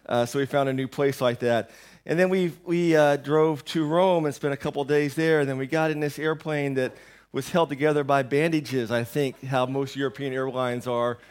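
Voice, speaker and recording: Here the same kind of church sermon comes across in a clear, resonant, medium-pitched male voice at a moderate pace with fairly level intonation. The pastor, in his thirties, is medicated for a sore throat and keeps his talk conversational, rambling and self-mocking.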